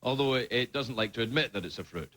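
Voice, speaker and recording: A man in his forties, a late-night talk show host delivering a comic monologue with animated, mock-outraged outbursts. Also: medium pitch, quick pace. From Scotland. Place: TV studio stage before a live audience. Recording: loud studio audience noise.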